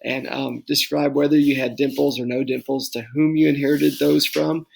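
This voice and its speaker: A man's voice: medium pitch, flat delivery, moderate pace, creaky, husky, low-quality recording. A young man from Texas, a teacher giving recorded class instructions from his home office, talking casually with lots of ums and okays.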